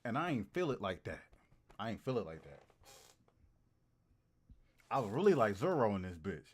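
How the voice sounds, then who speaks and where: A man casually chatting to his livestream audience, animated and slangy, repeating phrases for emphasis. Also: on the low side, moderate pace, husky. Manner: slangy and profane. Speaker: streamer.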